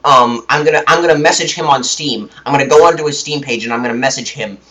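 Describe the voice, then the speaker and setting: A man's voice: mid-range voice, quick pace, few pauses, pushed and bright, poor audio. A young man ranting about a game in a rambling way, full of restarts and mock indignation. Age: young adult. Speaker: gaming video creator. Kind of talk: ranting commentary.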